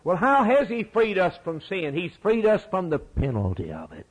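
A man's voice: high-pitched, wildly swooping pitch, normal speed, husky, low-quality recording. A middle-aged man preaching a sermon in a folksy, emphatic way, repeating his key phrases.

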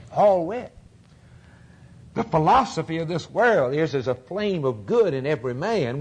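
Husky man preaching an emphatic sermon. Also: on the high side. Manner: fervent, emphatic preaching with repetition.

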